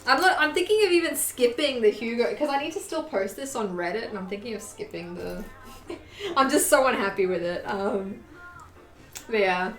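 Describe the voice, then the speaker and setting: In a casual sewing live stream, a young woman raves about the bag she just completed, swearing freely as she talks. Her voice is on the high side, expressive and fairly bright at a moderate pace, with faint music and room echo around her.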